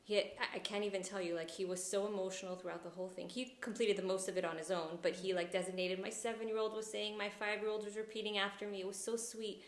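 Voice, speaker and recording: A woman podcast host telling a story in an emotional, soft-spoken way in a conversational interview. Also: medium pitch, steady tone, fast, hardly any pauses. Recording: echoey room with faint ambience.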